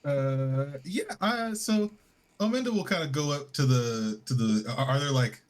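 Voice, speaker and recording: A man's voice: mid-range voice, measured pace. A man chatting as a player in a tabletop game, often trailing off mid-sentence.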